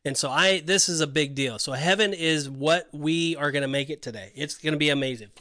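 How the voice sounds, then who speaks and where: A man co-hosts a casual Christian podcast with earnest enthusiasm. His voice sits a little high and sounds bright. He fills his talk with "you know" and "like", and the sound is close and dry. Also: a little fast, no room sound. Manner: earnest, enthusiastic, many fillers. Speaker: podcast co-host.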